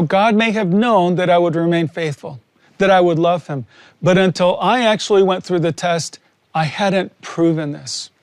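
A man giving an earnest sermon testimony, slow and emphatic with long pauses. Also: sits high, dry recording. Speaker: preacher sharing testimony.

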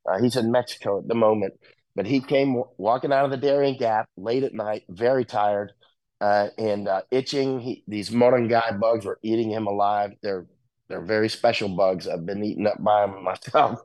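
A man's voice: lowish voice, moderate pace, a little mellow, poor audio. Guy rambling through an explanation, keeps saying right? and you know, easygoing chat. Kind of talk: casual explanatory talk.

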